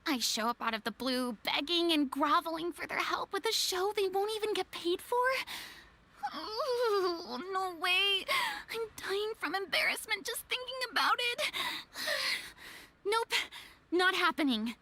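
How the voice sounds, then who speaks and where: A woman's voice: extremely high pitch, lively intonation, unhurried, bright, forceful tone, heavily acted. An actress playing a proud, theatrical young woman who sighs and frets dramatically in a story game. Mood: embarrassed. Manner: dramatic, sighing, self-pitying.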